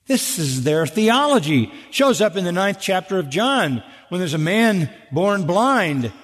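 A man delivers a sermon from the pulpit, his somewhat high voice pressing each point home. He fires rhetorical questions straight at the congregation, and long reverb trails his words through the church sanctuary. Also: very animated, unhurried, few pauses, fairly bright tone. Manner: emphatic, addresses the congregation directly with rhetorical questions. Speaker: pastor. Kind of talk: expository sermon. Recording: echoey hall with long reverb.

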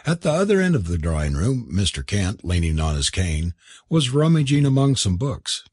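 A man narrating a novel aloud in an expressive, theatrical reading. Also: lowish voice, moderate pace, no room sound, clean studio sound. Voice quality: husky. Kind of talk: audiobook narration.

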